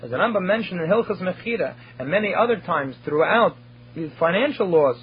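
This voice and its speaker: A man delivers a study lecture in a high, very husky voice. He works through Hebrew phrases one by one, translating each. The recording sounds dull and lo-fi. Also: lively intonation, brisk. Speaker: Torah teacher.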